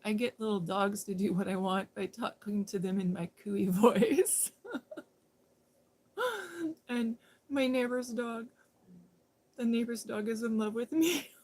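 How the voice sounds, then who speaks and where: A woman's voice: a little high, darkish tone. A woman hosts a casual live stream and talks to her viewers as if to friends. She rambles, starts sentences over, and keeps laughing as she goes, recorded close on a phone or webcam. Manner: rambling, self-interrupting, laughs often. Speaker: livestream host.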